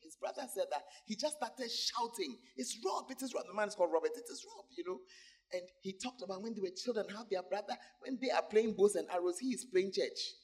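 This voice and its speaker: Brief: high-pitched male pastor, animated sermon delivery, keeps checking in with the congregation. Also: fairly quick, slightly rough. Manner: animated, calls out to the congregation, laughs between points.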